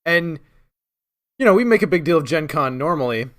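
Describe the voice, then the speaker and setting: A man's voice: on the high side, animated, fairly quick, a bit bright. A man co-hosting a podcast, speaking in an earnest, enthusiastic way about an event he helped run. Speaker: podcast co-host. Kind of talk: casual chat.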